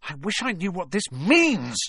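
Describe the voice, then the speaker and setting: A man's voice: on the high side, wildly swooping pitch, normal speed, a bit bright, husky, no room sound, clean studio sound, voice pushed up, exaggerated voice. A man voicing an anxious young schoolboy wizard in a storybook reading, speaking with urgency. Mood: urgent.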